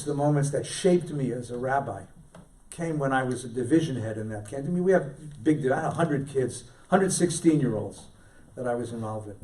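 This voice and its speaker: This middle-aged rabbi, a guest scholar from California, has a mid-range voice and addresses a congregation with warm, self-deprecatingly humorous anecdotes. The synagogue hall is reverberant, with the microphone set far away.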